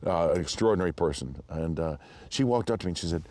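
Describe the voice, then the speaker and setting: A man with a very low voice tells a story in a sit-down interview, and he laughs easily between his sentences. He acts out the people in his tale with sudden jumps in pitch and often restarts his thoughts mid-sentence. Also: fast talker. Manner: animated anecdote-telling, acts out quoted people with big pitch jumps. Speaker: interview guest.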